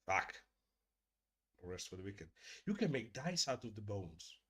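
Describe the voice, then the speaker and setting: A man's voice: lowish voice, very animated, moderate pace, husky. Casual, profane male streamer. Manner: profane, joking, addresses chat directly; drops to soft murmurs talking to his cat. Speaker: streamer hosting a creator hangout. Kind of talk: casual live-stream chat.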